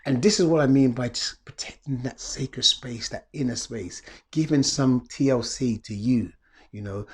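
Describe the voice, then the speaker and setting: A man's voice: medium pitch, a little mellow. Earnest man asking rhetorical questions. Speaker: wellness coach. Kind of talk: reflective motivational talk.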